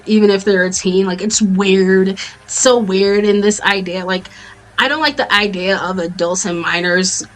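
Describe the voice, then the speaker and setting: A woman's voice: mid-range voice, a bit bright. A woman with an American accent, chatting casually and bluntly as she recaps a TV show, swearing freely and drifting into tangents. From Jamaican family, raised in the US. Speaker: YouTuber reviewing a TV series. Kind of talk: casual commentary vlog.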